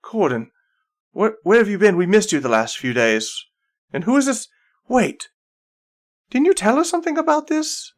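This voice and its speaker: A woman's voice: lowish voice, sing-song, normal speed, voice pushed up. A man voicing Saradwin, an emotional woman leader, who talks in breathless, gushing exclamations. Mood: surprised. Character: emotional female leader reunited with old friend. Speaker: character voiced by the game master. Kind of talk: improvised tabletop role-play.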